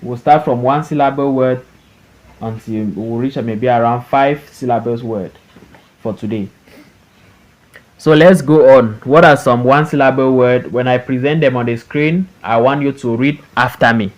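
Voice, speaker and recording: Male teacher, middle pitch, unhurried; leads a phonics class with careful repeat-after-me drills. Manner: slow and deliberate, stretching words out syllable by syllable. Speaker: English teacher. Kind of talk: phonics lesson, reading words for students to repeat.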